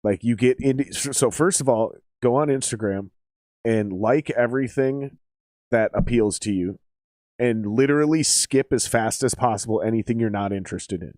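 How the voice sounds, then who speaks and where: A man's voice: medium pitch, moderate pace, a little mellow, no echo, clean studio sound. A man hosting a casual podcast chat, blunt and joking, swearing freely. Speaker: podcast host.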